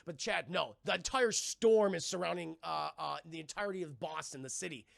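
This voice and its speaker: A man live-streaming a film recap in casual, profane talk, excitedly retelling scenes and constantly addressing his chat. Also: on the high side, a little fast, gravelly, no room sound, studio quality.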